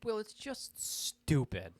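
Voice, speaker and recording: A man's voice: fairly high pitch, huge pitch swings, takes it slowly, a little mellow. A young man co-hosting a podcast, teasing and telling playful stories in casual banter. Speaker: podcast co-host.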